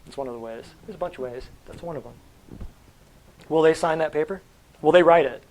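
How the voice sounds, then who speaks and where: A man with a slightly higher voice lectures a live audience on natural health. He is emphatic and blunt, often firing questions at the room to drive each point home. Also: brisk, darkish tone, a little hiss or hum, rough recording. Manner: blunt and combative. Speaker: natural health practitioner giving a talk.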